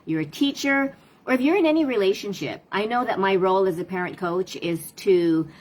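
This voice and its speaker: A woman's voice: medium pitch, lively intonation, a little fast, poor audio. A woman parent coach talking casually to viewers on a live stream, asking rhetorical questions and replying to comments.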